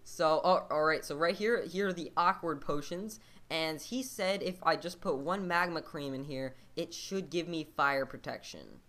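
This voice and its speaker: A man's voice: on the high side, animated, a little slow, bright, forceful tone. A man hosting a game let's play, talking casually and rambling with lots of fillers and restarts.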